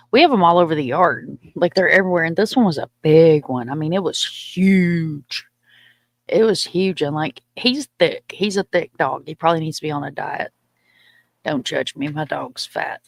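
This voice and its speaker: A woman's voice: low voice, no echo. Chatty woman with a dry close sound. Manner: chatty, laughs often, baby-talks her dogs. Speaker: livestream host. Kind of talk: casual chat.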